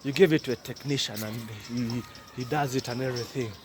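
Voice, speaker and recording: A man's voice: medium pitch, fairly even intonation, fast talker, a little hiss or hum. A man with a Ugandan accent talking casually to camera outdoors in cold weather, chatty and mixing English with Luganda. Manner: chatty, switching between English and Luganda, laughing asides. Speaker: vlogger. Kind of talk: casual vlog monologue.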